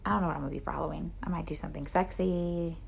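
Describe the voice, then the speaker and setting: A woman's voice: very fast, creaky, a little hiss or hum. A woman co-hosting a casual chat podcast, telling stories animatedly and acting out quotes, sometimes dropping to a near whisper for asides. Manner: animated storytelling, acts out quotes with big pitch jumps and laughter. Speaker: podcast co-host.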